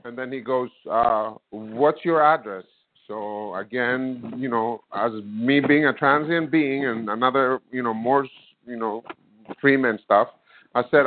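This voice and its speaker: A man's voice: mid-range voice, steady tone, unhurried. Rambling man telling a story over a phone. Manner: rambling, many fillers, acts out both sides of a conversation. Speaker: caller. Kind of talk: casual storytelling. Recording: dry phone-line audio.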